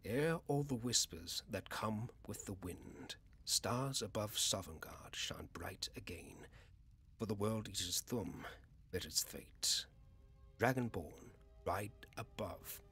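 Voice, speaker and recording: Man doing a slow old poem reader, low weak voice, grave chant with whispers, bright edge, faint music behind. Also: expressive, exaggerated voice. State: weak, strained voice. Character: old man reading an epic poem aloud.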